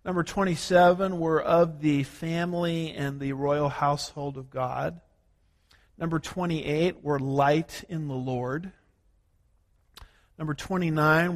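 A man from the United States preaching a sermon as a pastor, working through numbered points and slowing down to stress key words. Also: a little high, fairly even intonation. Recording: long hall reverb.

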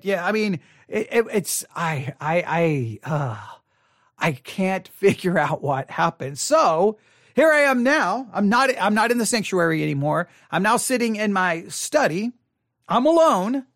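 In a studio with no room sound, a man who is a pastor delivers a reflective monologue to camera, thinking aloud and often starting over. He talks at a moderate pace in a high-pitched, expressive, fairly bright voice, earnest throughout.

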